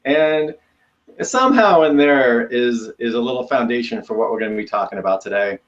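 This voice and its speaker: A man's voice: mid-range voice, animated, normal speed. A man co-hosting a casual talk show, easygoing and joking, on a dull lo-fi remote line. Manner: easygoing, joking, laughs between thoughts. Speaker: co-host.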